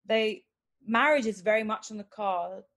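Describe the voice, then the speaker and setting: A woman hosting a podcast, quizzing her guests in a teasing, animated way. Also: mid-range voice, moderate pace. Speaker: podcast host. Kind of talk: casual chat.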